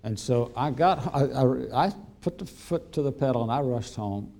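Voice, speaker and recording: An older male physician, telling a folksy anecdote to an audience with halting fillers. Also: medium pitch, animated, gravelly, mellow. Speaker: physician and speaker. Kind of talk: storytelling talk to an audience.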